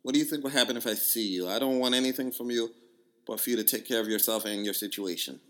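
A man's voice: medium pitch, fast talker, fairly bright tone, natural voice. A man voicing a blunt, distrustful woman with a put-on Jamaican accent, reading out her curt, scolding text messages. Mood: guarded.

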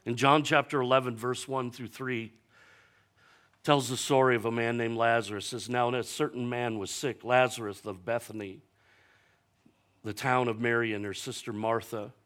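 Man, pastor, sermon, bright forceful voice, slow emphatic repetition, animated storytelling. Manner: animated storytelling, acting out quoted voices with big jumps in pitch and loudness.

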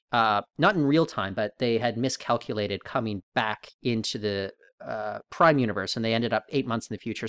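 Male co-host, mid pitch, chatty and rambling, dry close sound. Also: a bit bright, clear, resonant tone, no echo. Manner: rambling, thinking aloud with many restarts. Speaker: podcast co-host. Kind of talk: casual podcast chat.

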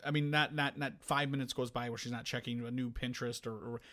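A man co-hosting a podcast, chatting casually and telling rambling, animated stories with many restarts. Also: mid-range voice, fast talker. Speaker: podcast co-host. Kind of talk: casual chat.

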